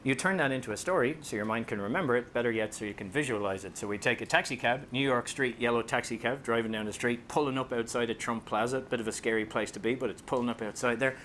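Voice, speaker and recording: A man's voice: fast talker, hardly any pauses, slight background noise. A man with an Irish accent giving a funny talk on public speaking, telling stories and acting out voices. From Ireland. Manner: joking, storytelling, acts out voices and rises high when excited. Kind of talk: comic presentation to an audience.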